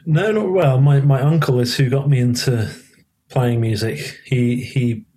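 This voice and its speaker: A man's voice: medium pitch, a little slow, warm tone, breathy edge. A man with a Southern English accent and slight Liverpool traces, chatting casually as a guest and telling stories, swearing now and then. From England, born in Liverpool, raised in London. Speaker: guest musician. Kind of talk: casual conversation.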